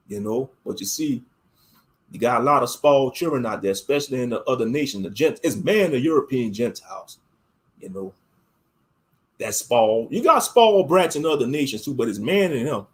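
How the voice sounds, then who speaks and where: A man from the United States giving a casual, rambling rant as an online commentator, emphatic and slangy, swinging from loud outbursts to low mutters. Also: lively intonation, fairly quick.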